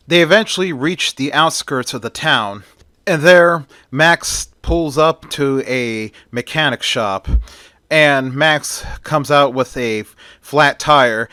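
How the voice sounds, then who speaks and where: A man narrates his own fan story in a plainspoken, run-on way, joining events with "and then." His voice is bright. The recording is dry and close. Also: mid-range voice, clean tone, no echo.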